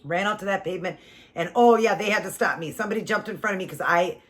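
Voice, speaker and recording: A woman vlogger telling a personal story to her viewers in a casual, animated and emphatic way. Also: mid-range voice, quick pace.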